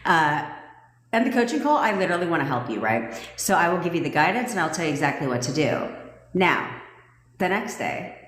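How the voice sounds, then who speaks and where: Low-voiced woman, brash manifestation coach, swears freely and laughs between points; echoey room sound. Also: big pitch swings, fairly quick, a bit bright. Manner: blunt and profane, laughs often. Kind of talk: casual livestream talk. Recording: echoey room with long reverb.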